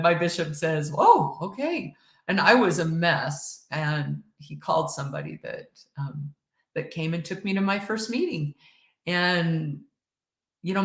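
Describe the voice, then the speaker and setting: A middle-aged woman telling her own story in an earnest, halting way, with quick laughs between lines. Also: fairly low pitch, fairly bright tone. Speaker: podcast guest. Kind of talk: emotional personal storytelling. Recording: roomy echo.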